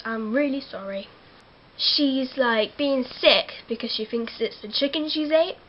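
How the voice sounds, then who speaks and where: A teenage girl, excitably recapping a film to camera. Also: a little high, muffled recording. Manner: giggly, excitable, acts out characters. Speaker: vlogger. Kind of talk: casual movie recap to camera.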